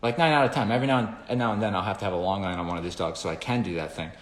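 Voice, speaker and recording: Male dog trainer with a low voice, loose conversational delivery that drifts into acting out scenes, recorded in an echoey room. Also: racing. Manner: rambling, conversational, acts out dog scenarios. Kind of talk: casual explanatory talk.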